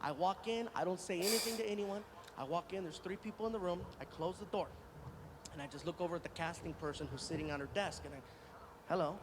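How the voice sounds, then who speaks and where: A male stand-up comedian telling a long story, animated and acting out every voice. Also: sits high, fast talker. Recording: noisy live stand-up recording.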